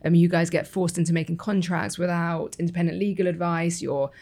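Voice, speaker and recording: Gravelly-voiced woman interviewer. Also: on the low side, fairly even intonation, a little fast, a little mellow. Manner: probing, with brief affirming murmurs. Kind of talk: interview questions.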